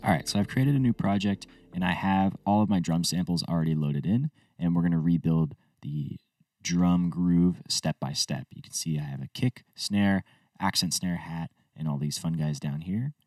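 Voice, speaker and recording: A man with a low voice walks through a music tutorial in an easygoing, step-by-step manner. The sound is dry, with little room to it. He sits a little back from the microphone. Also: moderate pace, darkish tone, no room sound, distant mic. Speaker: music producer teaching a tutorial. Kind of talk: screen-recorded tutorial walkthrough.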